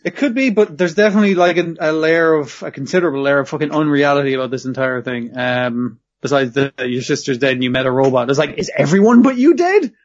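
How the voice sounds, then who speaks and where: A man with a mid-pitched voice chatting about anime, cursing freely and joking as he goes. His talk is animated and loose. The recording sounds dull and lo-fi. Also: fast talker, few pauses. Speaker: podcast co-host. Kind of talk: casual anime review chat.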